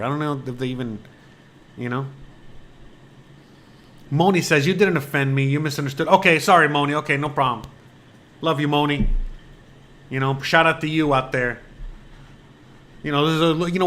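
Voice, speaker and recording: A man's voice: a little high, a bit bright. Rambling, swearing male chat host. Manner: rambling, peppered with "you know" and swearing. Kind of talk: casual livestream chat. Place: lives in Mexico.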